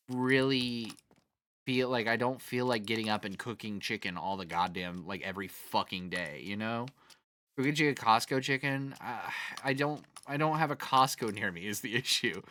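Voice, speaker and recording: A man's voice: medium pitch, bright, forceful tone, no room sound. A man streaming a game, chatting casually in a rambling, profane way, laughing often and reading out chat comments. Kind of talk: casual chat while gaming.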